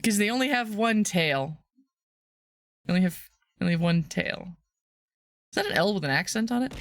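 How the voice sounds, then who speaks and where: Giggly woman streamer with a lively voice. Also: moderate pace, long pauses. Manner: giggly and rambling, laughs often; playful, bursts into high squeals. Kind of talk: casual livestream chat.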